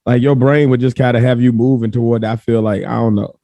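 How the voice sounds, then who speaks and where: Mellow-voiced man musing on a podcast. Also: medium pitch, brisk, no echo. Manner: relaxed, thinks aloud with many "like"s. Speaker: podcast co-host. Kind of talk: casual chat.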